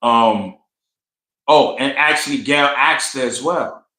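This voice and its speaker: A man's voice: mid-range voice, slow pace, echoey room, low-quality recording. A man hosting casual commentary, telling a story in colloquial speech and acting out what others said. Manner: animated storytelling, colloquial, acts out quotes. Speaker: commentary host.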